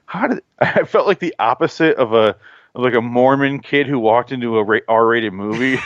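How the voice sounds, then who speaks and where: A man hosting a podcast, telling stories in casual chat, animated and full of swearing. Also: medium pitch, moderate pace, no room sound. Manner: profane, animated storyteller. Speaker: podcast host. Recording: dull lo-fi podcast audio.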